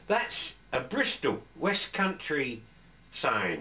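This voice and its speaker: Rambling older man, lively pitch. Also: measured pace, recorded from a distance. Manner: rambling, chatty, stops and restarts often. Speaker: vlogger. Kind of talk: casual workshop chat to camera. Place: home workshop.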